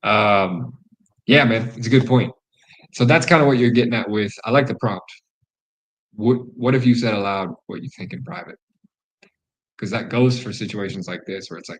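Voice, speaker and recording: A man's voice: fairly low pitch, moderate pace, pauses often, rough recording. A man hosting a podcast, talking in a casual, open way and swearing freely. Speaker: podcast host. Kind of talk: candid podcast conversation.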